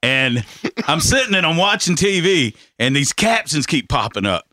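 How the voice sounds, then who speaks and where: Brief: bright, lively male storyteller, laughing and profane, dry close sound. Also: fairly high pitch, moderate pace, dry recording. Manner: animated, laughing, profane, repeats himself. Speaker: podcast host telling a story. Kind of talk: casual storytelling chat.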